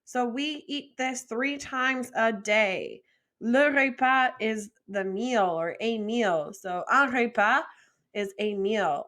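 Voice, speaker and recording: A young adult woman teaching French vocabulary in a patient, encouraging lesson, modeling pronunciation slowly and asking learners to repeat. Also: a little high, a bit bright. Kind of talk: slow, deliberate vocabulary lesson with repeat-after-me drills.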